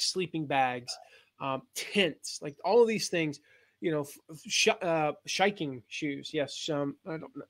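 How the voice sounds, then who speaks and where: A man's voice: on the high side, fairly bright tone. A man hosting a casual webinar, rambling with lots of fillers and laughing at himself. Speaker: host.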